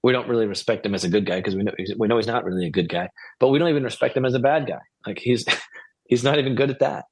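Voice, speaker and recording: A man's voice: medium pitch, fast, a little mellow, slightly rough, no echo. A man co-hosting a podcast, chatting casually and musing through a TV episode recap, rambling and asking questions. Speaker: podcast co-host.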